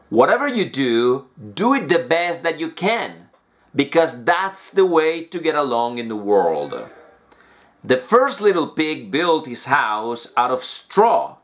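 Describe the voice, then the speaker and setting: A man reads a children's tale aloud for his English students. His voice sits a little high and swings widely in pitch, and his storytelling is animated. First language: Spanish. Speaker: English teacher.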